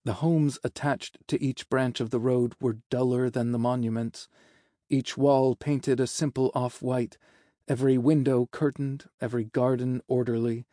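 A man narrating a fantasy story in a measured, descriptive way. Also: medium pitch, steady tone, mellow, no room sound, studio quality. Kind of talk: audiobook narration.

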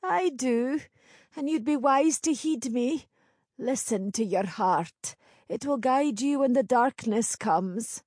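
Woman voicing a slow, knowing old crone seer. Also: on the high side, darkish tone, dry recording, clean studio sound, voice pushed up. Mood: cryptic. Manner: slow, knowing, archaic speech. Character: wise old female crone seer, cryptic.

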